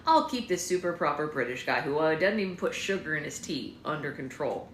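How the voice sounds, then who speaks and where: A woman's voice: low-pitched, lively intonation, fairly quick, roomy sound, slight background noise. A woman voicing an earnest, scruffy middle-aged local man who pleads for a friend, in a read-aloud of her novel. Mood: wry.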